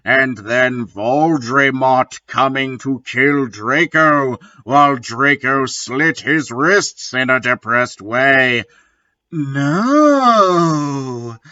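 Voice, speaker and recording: A man giving a comedic dramatic reading in dry, deadpan narration, on a dull lo-fi recording. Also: mid-range voice, takes it slowly, hardly any pauses. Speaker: reader.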